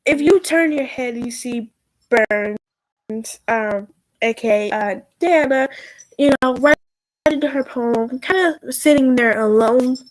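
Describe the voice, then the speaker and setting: High-voiced woman narrating a tabletop game. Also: dry recording, poor audio. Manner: halting, full of fillers. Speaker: game master.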